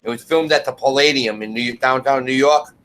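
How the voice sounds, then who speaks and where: A man from the northeastern US chatting as a panelist, telling stories in an animated way. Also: mid-range voice, fairly quick, slight background noise. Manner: animated storyteller. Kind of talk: casual group chat.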